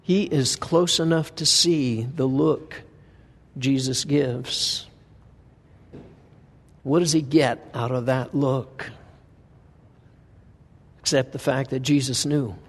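A man's voice: medium pitch, fairly even intonation, slow, pauses often. A man preaching a conversational sermon in a church, reading scripture and asking the listeners frequent rhetorical questions. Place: church sanctuary. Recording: reverberant hall sound.

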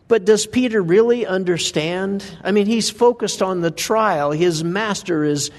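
Preacher with a higher voice in a reverberant hall. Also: male voice, measured pace. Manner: asks the listeners frequent rhetorical questions. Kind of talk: conversational sermon with scripture reading. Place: church sanctuary.

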